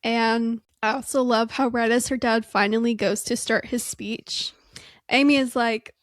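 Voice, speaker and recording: A woman's voice: on the high side, steady tone, measured pace, dry recording, clean studio sound. A young woman co-hosting a podcast in casual chat, agreeable and enthusiastic. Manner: agreeable, enthusiastic, uses like often. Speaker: podcast co-host.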